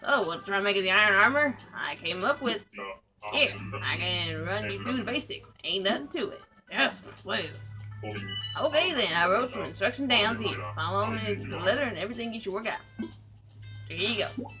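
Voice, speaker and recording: A woman reading the lines of a gruff male bear villager in a video game, a blunt builder. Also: mid-range voice, animated, moderate pace, music in the background, close to an everyday voice. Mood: offhand. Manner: reading a character's dialogue aloud, blunt.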